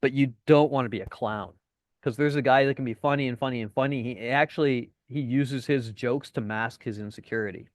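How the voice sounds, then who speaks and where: Swearing dating coach, dry sound. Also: male voice, mid-range voice, fairly quick, dry recording. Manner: profane, acts out quoted voices. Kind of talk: casual webinar teaching.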